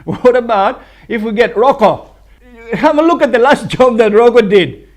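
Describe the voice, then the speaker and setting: A man with a notably high voice talks in a loose, chatty way from a building site. He keeps laughing at his own jokes as he rambles on like a licensed builder sharing tips. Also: lively intonation, moderate pace. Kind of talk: casual chat reacting to clips.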